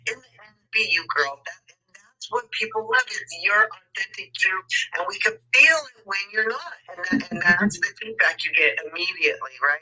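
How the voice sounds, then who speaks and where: A woman participant sharing energetic thoughts with some restarts, heard over a tinny phone line. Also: mid-range voice, normal speed, husky. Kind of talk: casual sharing.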